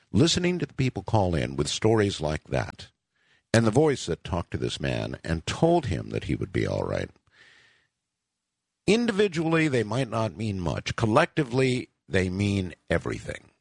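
A male radio host with a very deep, gravelly voice that swings widely in pitch as he presses on key words. He sounds husky and close to a dry studio mic, musing on what his callers' stories mean. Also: huge pitch swings, moderate pace, no echo. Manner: reflective, sweeping emphasis on key words. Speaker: radio talk show host. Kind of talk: late-night call-in radio hosting.

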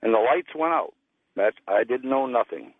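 A man's voice: medium pitch, lively intonation, normal speed, no room sound. A man telling a long personal story over a tinny, phone-like line. His voice sounds dry and close, and he talks plainly, slipping into the voices of the people in his story. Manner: plain folksy storytelling, acts out quoted voices. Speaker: caller.

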